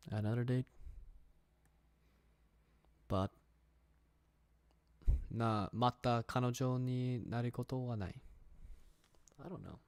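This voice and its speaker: A man's voice: medium pitch, darkish tone, no room sound. A man in his twenties chatting casually on a livestream, reading viewer comments in a rambling, easygoing way and laughing at himself. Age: 20s. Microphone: desk microphone and headset.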